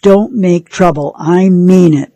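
Curt, guarded young woman, read by a woman, terse and firm, mellow tone. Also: lowish voice, slow pace, no room sound.

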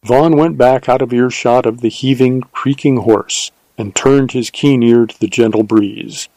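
A man narrating a novel in a measured, even storytelling manner. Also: medium pitch, dry recording, rough recording. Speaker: audiobook narrator. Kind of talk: scripted narration of a western novel.

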